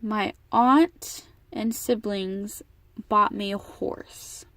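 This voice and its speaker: A woman's voice: medium pitch, fairly even intonation, very slow, a bit bright, dry recording. Emotional teen girl vlogger, dry sound. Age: teens. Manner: emotional, rambling, frequent restarts. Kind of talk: casual storytelling vlog.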